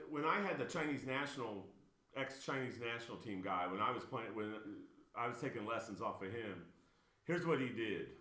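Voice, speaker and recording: Commenting on table tennis videos, a medium-pitched man with a fairly bright voice coaches bluntly and emphatically. Correcting a player gets him worked up, and there's a roomy echo in the audio.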